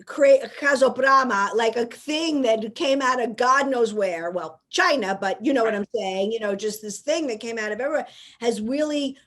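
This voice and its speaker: A talkative woman host from New York, pitched a little high, chatting loosely and breaking into laughter. She rambles through her points in a relaxed interview. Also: moderate pace. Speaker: podcast host. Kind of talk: casual interview chat.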